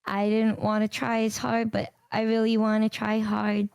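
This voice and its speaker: A young woman streamer in casual chat, talking hesitantly with halting restarts. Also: a little high, completely flat delivery, creaky, darkish tone, smooth, no room sound.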